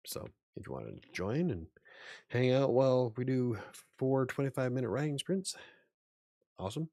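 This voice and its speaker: A man's voice: medium pitch, animated, normal speed, warm tone, no echo, clean studio sound. A man hosting a casual livestream as an author, rambling a little, chuckling and answering chat comments aloud.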